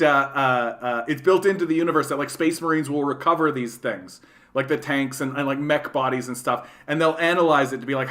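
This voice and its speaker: With a somewhat high pitch and a slightly bright tone, a man with a Canadian accent runs a casual livestream. He rambles and curses, frequently tacking "right?" onto what he says.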